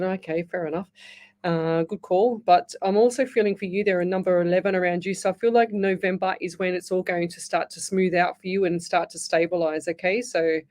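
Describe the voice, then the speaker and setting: A woman's voice: fairly low pitch, a little mellow. Reassuring woman giving psychic readings. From Australia. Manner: repetitive, reassuring, thinks aloud with restarts. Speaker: psychic medium radio host. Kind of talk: live radio psychic reading.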